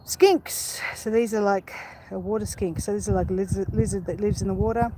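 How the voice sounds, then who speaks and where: Filming on her phone as she walks through a park, a vlogger talks casually to her viewers, chatty, rambling, and easily sidetracked. Her medium-pitched voice is steady and mellow at a moderate pace, with faint outdoor sounds in the background.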